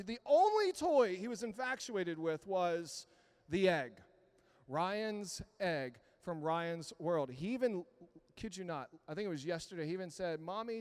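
A pastor in his thirties preaching a sermon, telling stories in a conversational way and asking the congregation to answer. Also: high voice. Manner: conversational storytelling, asks the congregation for responses. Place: church sanctuary. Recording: long reverb of a church hall.

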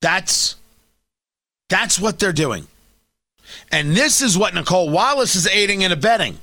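Man, talk radio host, mocking commentary, lively pitch swings, dry studio sound. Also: measured pace, no echo. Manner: sarcastic, mocking, animated. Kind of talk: opinion commentary.

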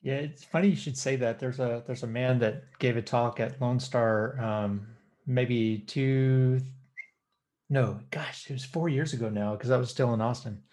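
A man telling an anecdote on a podcast at an average pitch. He meanders, stacks up fillers and self-corrections, then grows animated toward the punchline. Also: unhurried. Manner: rambling, many "um"s, animated. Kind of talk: casual podcast storytelling.

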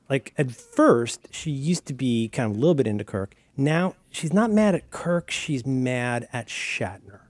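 Rambling, animated man in dry chat. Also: mid-range voice, a little slow, few pauses, dry recording. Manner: animated, rambling, many fillers and restarts. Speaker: podcast co-host. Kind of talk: casual chat.

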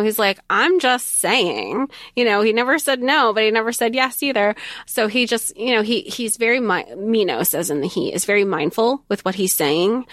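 A woman co-hosting a podcast, talking casually about a book, acting out quotes in an animated way with frequent laughs. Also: medium pitch, no echo, studio quality. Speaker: podcast co-host.

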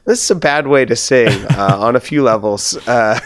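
A man's voice: medium pitch, moderate pace, faint music behind. A man co-hosting a podcast in casual chat, rambling and laughing often, his voice a little strained. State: slightly strained voice. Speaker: podcast co-host.

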